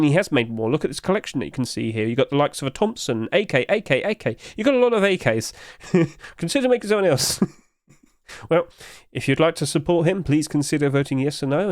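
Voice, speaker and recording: A young man talks casually through game skins, chatty and often putting questions to his viewers. His voice sits fairly high. The sound is dry and close, with no room around it. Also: animated, fast, no echo. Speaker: video game skin reviewer.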